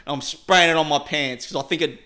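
A man's voice: fairly high pitch, a little fast, bright, forceful tone. A young man casually telling a story on a podcast, rambling with lots of "like" and frequent laughs.

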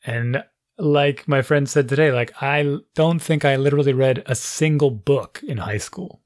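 A man in a casual chat, telling a story with animated quoted dialogue and frequent laughter. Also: medium pitch, normal speed.

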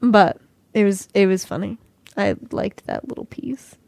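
A young woman co-hosting a podcast, ranting in casual chat with animated sarcasm and frequent swearing. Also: medium pitch, unhurried, creaky, no echo. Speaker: podcast co-host.

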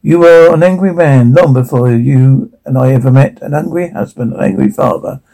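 A man reading the measured, formal lines of a remorseful older father in a drama. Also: mid-range voice, gravelly, warm tone, natural voice. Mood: somber.

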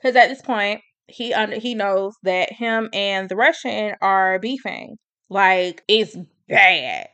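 Bright, emphatic woman recapping a story. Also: medium pitch, slow pace, no echo, lo-fi sound. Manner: emphatic, opinionated, slangy.

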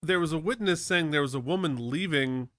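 A man's voice: a little high, brisk, fairly bright tone, dry recording. A man co-hosting a podcast in casual chat, joking around and mimicking voices. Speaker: podcast co-host.

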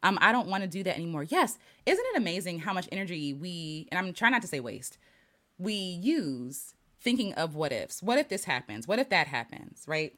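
Animated woman with a lively, swooping voice. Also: on the low side, normal speed. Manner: animated and reflective, laughs often, frequent restarts. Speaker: livestream host. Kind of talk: casual live-stream chat reading viewer comments.

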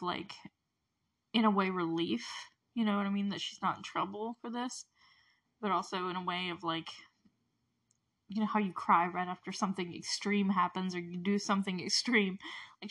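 A woman casually recapping a TV episode, chatty and animated, with lots of fillers and asides. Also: mid-range voice, normal speed. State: close to tears at moments. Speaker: show recap host.

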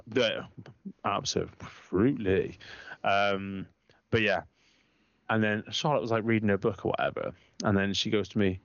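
A man with a low, gravelly voice chats loosely on a podcast, rambling through stories full of swearing. He jumps into other people's lines with a raised voice. The recording sounds dull and dry. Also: unhurried, pauses often, dry recording. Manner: rambling storyteller, animated, quoting others in raised voice. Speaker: podcast co-host. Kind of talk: casual banter, swearing.

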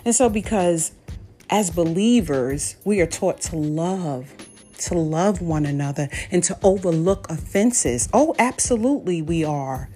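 Low-pitched, mellow-voiced woman podcaster. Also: lively intonation, measured pace, faint music behind. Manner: conversational, anecdotal, then preachy and emphatic. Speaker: podcast host. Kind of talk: faith-based storytelling talk.

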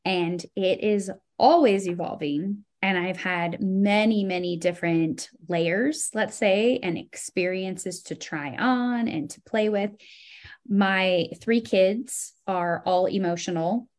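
Appearing as a guest on a podcast, a woman chats casually, slowly, and with animated expression. Her pitch swings upward when she recounts her feelings.

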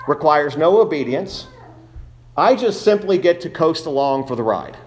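A man's voice: on the high side, a little mellow. A man preaching a sermon as pastor, earnest, reading scripture aloud in old King James wording.

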